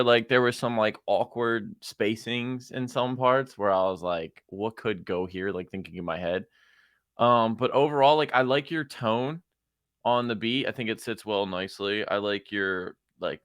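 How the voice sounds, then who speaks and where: Low-voiced man giving a relaxed, dry review. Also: clean tone, no echo. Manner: relaxed, many fillers like "um" and "like". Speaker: show host reviewing submitted music. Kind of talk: casual live-stream chat.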